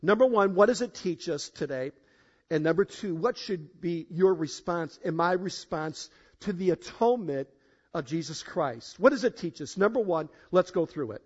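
A man preaching a sermon to a congregation, emphatic, swinging between loud declarations and quiet asides, asking for a show of hands. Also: high voice, animated, normal speed, slightly rough. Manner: addresses congregation directly, asks for show of hands. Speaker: pastor. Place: church in front of a congregation. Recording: dull, lo-fi sound.

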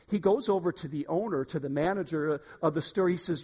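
A man preaching a sermon in a church room, emphatic, swinging between quiet and loud. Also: high-pitched, brisk, few pauses. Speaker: pastor.

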